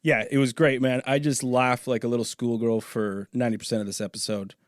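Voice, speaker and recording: A man's voice: medium pitch, level tone, a little fast, no room sound, clean studio sound. A man hosting a podcast in a casual chat, joking, swearing and laughing often. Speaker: podcast host. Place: small home podcast studio.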